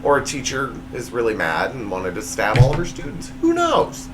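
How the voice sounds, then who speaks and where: Over a noisy background, a male comedy show host reads his punchlines at a moderate pace. His pitch swoops wildly as he delivers the monologue in a jokey, playful way.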